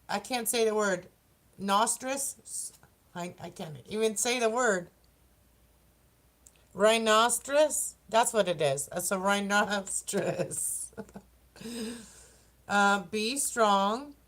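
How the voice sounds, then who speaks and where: A woman's voice: mid-range voice, fairly bright tone. A woman doing a casual oracle card reading for the zodiac signs, chatty and rambling, often laughing and tripping over words. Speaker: tarot and oracle card reader.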